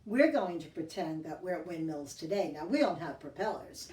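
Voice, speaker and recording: A woman leading a children's sing-along and story time, speaking gently in a sing-song way to young kids. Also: low voice, animated, normal speed. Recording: echoey room, mic at a distance, guitar.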